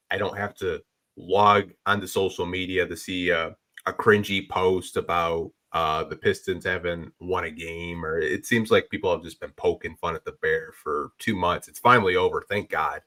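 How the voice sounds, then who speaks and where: A man with a very low voice co-hosting a casual sports podcast. He rambles in a laid-back way and fills his talk with "like" and "dude". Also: steady tone, normal speed, bright, forceful tone. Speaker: podcast co-host.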